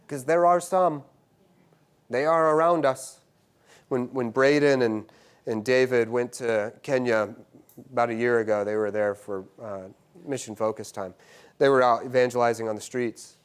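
A man preaching a sermon, swinging between loud exclamations and hushed, quiet stretches, often repeating himself as he builds a point. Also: medium pitch. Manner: repeats words and restarts phrases. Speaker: university teacher.

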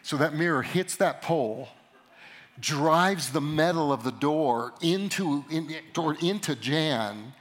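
A middle-aged man giving a sermon to a live audience, telling a story about himself with animated, self-mocking humor. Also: fairly high pitch, slow pace. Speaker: pastor or conference speaker.

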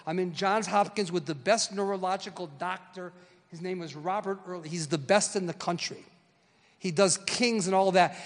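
A man's voice: high voice, in a large hall. A man in his sixties preaching a sermon, telling stories and drawing call-and-response from the crowd. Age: 60s. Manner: storytelling, punchy call-and-response.

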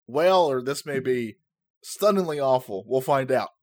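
A man's voice: mid-range voice, expressive, unhurried, a little mellow, no room sound, studio quality. Joking man co-hosting a podcast. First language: not English. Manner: joking, laughs often. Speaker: podcast co-host. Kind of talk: casual chat. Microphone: new podcast microphone.

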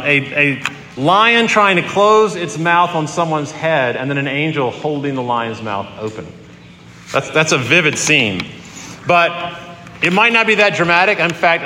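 Animated male pastor in echoey hall. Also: on the high side, slight background noise. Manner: conversational and animated, with vivid retelling. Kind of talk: sermon. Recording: echoey hall with long reverb.

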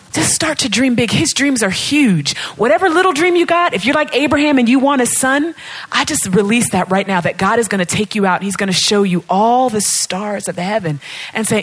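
A woman preaching a sermon in an animated, playful way, acting out conversations with God. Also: fairly high pitch, husky.

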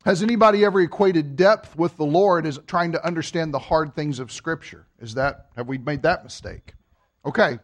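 Animated, high-voiced male preacher. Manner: animated, joking with the congregation, rising to emphatic peaks. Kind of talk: sermon.

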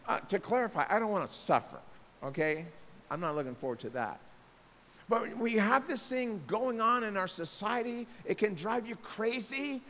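A man preaching a sermon, animated, acting out the voices of the people he describes. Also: high voice, normal speed. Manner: animated, acts out voices of people, jokes aside. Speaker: pastor. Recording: long reverb, faint hiss.

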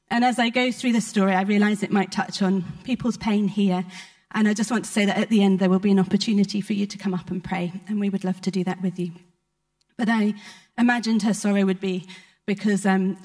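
A woman preaching in church, telling a personal testimony in a heartfelt, conversational way with frequent pauses. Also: mid-range voice, darkish tone. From United Kingdom. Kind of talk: sermon storytelling.

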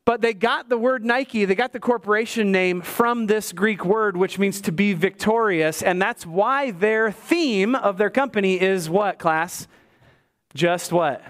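High-voiced man preaching a lively sermon. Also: unhurried. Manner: lively preaching, rising to emphatic highs and dropping low; joking asides to the congregation. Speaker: pastor. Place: church.

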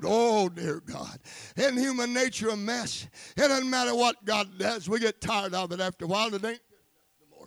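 A male preacher with a very high, gravelly voice and a bright, forceful edge, delivering a fervent sermon. He swings between quiet asides and shouting and calls out for amens. The sound is close and dry. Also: moderate pace, dry recording.

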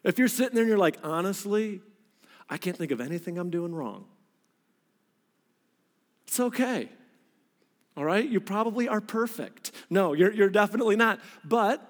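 A man in his thirties delivers a sermon in a big hall, his voice sitting on the high side. He preaches with lively, animated storytelling, his pitch shooting up when he gets worked up. A long reverb trails his words through the room. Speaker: pastor.

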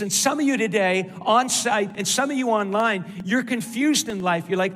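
Pastor guy preaching, highish voice, punchy and repetitive, big echoey church hall. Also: moderate pace, few pauses, a bit bright. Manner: emphatic, repeats key phrases, calls for responses. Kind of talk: sermon. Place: large church with balcony. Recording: long hall reverb.

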